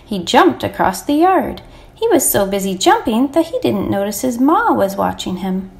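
Woman, teacher, storybook read-aloud, expressive, bright-pitched voice, lively intonation. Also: normal speed, vocal fry. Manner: expressive, animated.

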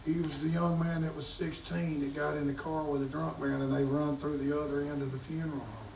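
Male pastor, middle-aged, high and gravelly, preaching in a roomy sanctuary, mic at a distance. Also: fairly even intonation, brisk, a little hiss or hum. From United States. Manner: swings from shouting to hushed, folksy preaching. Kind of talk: sermon. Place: church sanctuary. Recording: echoey church recorded from afar.

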